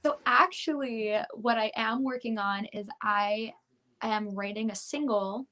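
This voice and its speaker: A woman's voice: a little high, a little slow, fairly bright tone, a little hiss or hum. A woman with a New York accent, a pop country singer chatting casually as an interview guest, bubbly and laughing often.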